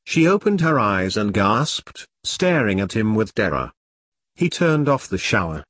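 A man narrating an audiobook in an expressive, measured way. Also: lowish voice, no echo.

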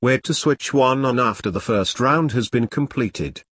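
A man's voice: medium pitch, measured pace, breathy edge, dry recording, studio quality. A man voicing a gushing, giggly male auctioneer in a spoken story. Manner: excitable, giggling.

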